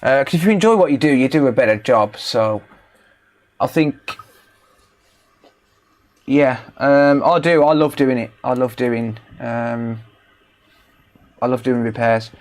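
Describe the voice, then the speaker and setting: Brief: Midlands man, mid-pitched, banters and swears while doing repairs on a live stream. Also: measured pace, long pauses. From English Midlands. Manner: joking, bantering, swears freely. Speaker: electronics repair livestreamer. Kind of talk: casual livestream chat while working.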